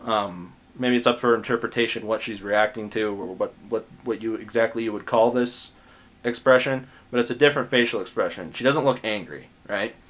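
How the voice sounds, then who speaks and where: A man's voice: lowish voice, a little fast, fairly bright tone. A man giving a casual drawing tutorial as he sketches, rambling, muttering asides to himself, self-mocking and swearing now and then. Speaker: art tutor.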